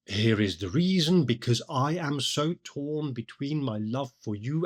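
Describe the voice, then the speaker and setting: Slow, measured male literary commentator. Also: medium pitch, lively intonation. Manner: measured, deliberate explanation. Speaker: podcast host.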